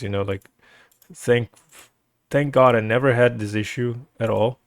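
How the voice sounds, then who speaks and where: A man's voice: mid-range voice, fairly even intonation, normal speed, no room sound, studio quality. Brazilian-accented man chatting with viewers. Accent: Brazilian Portuguese. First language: Portuguese. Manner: rambling and hesitant, full of restarts and "like". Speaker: streamer. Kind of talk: casual chat with stream viewers.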